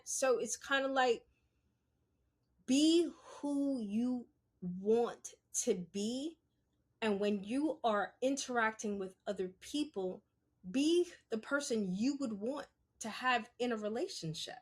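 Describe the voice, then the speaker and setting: Speaking slowly in a fairly high voice, a female podcast host delivers unscripted commentary on her own. She's direct, emphatic and foul-mouthed with her audience, and "You understand?" comes up often.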